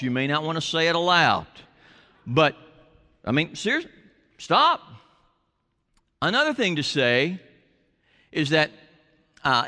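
Male pastor, slow deliberate sermon delivery, bright and animated, in a reverberant church. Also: high voice. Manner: emphatic, stretches words for effect, leads the congregation in repeating phrases.

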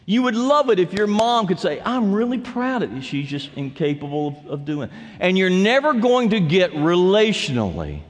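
Animated male pastor in a reverberant hall. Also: normal speed, hardly any pauses. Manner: animated preaching, swinging from loud calls to quiet low asides. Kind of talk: sermon.

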